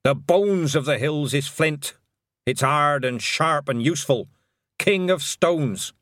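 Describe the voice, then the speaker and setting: A man's voice: a little high, fairly bright tone, dry recording, pitched above the performer's own voice. Granny Weatherwax, a curt old witch, read by a man. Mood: stern. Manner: slow, clipped and dry. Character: stern older witch, curt and commanding.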